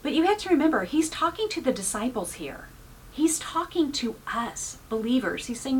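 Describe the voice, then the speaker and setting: A woman's voice: sits high, big pitch swings, normal speed, a little hiss or hum. A woman pastor giving an informal, earnest sermon, full of "you know" fillers. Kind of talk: conversational sermon.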